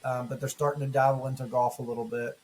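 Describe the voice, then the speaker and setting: A man co-hosting a podcast in casual chat, telling a story with lively acted-out quotes. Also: medium pitch, quick pace. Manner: animated storyteller, acts out quoted exchanges. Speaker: podcast co-host.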